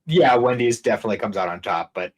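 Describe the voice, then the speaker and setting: A man's voice: lowish voice, expressive, fast, slightly rough, rough recording. A young man co-hosting a podcast, rambling and swearing casually while telling work stories with frequent laughter. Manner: rambling, profane, laughing often. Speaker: podcast co-host. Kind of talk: casual chat, storytelling.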